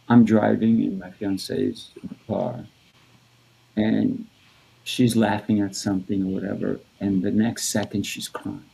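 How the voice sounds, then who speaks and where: A man co-hosting a conversation, telling a personal story in a halting, casual way with repeated words. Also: on the low side, creaky, mellow, husky, poor audio. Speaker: podcast co-host.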